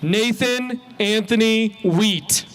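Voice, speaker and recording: Slow, high-voiced man reading names. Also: fairly bright tone, a little hiss or hum. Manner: measured, pronounces each name carefully. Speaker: ceremony announcer reading graduates' names. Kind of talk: slow, deliberate name reading.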